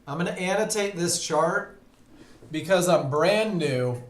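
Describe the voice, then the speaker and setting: Male trading instructor, fairly high voice, unhurried delivery, echoey room, webinar mic. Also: animated. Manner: conversational, asks the audience questions. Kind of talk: live webinar teaching. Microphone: computer mic on a live webinar.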